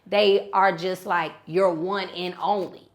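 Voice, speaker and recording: A woman hosting a casual podcast, telling a story in an animated, slangy, emphatic way. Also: on the low side, slow pace. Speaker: podcast host.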